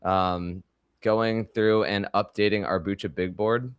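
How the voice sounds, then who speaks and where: A man co-hosting a podcast in casual chat, talking in a halting way with frequent restarts. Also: on the low side, steady tone, clean tone, no echo, highs cut off. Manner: halting, many fillers and restarts. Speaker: podcast co-host.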